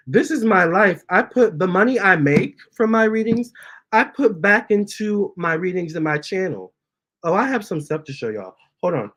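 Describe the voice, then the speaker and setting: A man's voice: high voice, big pitch swings, normal speed, fairly bright tone. A man, a tarot reader, chatting casually on his livestream, reading viewer comments aloud and cooing at his cats. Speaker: tarot reader and channel host.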